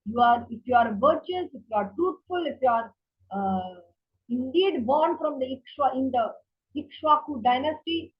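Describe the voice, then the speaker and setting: A woman's voice: high voice, lively intonation, moderate pace, slightly rough. A woman voicing an angry, demanding queen in a children's story, in a dull lo-fi recording. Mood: scolding.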